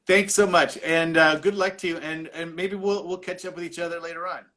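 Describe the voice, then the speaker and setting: A man hosting a live-stream interview show, upbeat and quick to laugh. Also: a little high, fairly even intonation, bright, forceful tone. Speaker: host and dance instructor.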